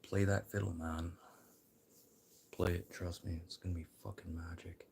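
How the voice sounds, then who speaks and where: Very deep-voiced rambling livestreamer man. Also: level tone, moderate pace, vocal fry, background noise. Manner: rambling, profane, swinging between muttering and loud encouragement. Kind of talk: rambling casual livestream chat.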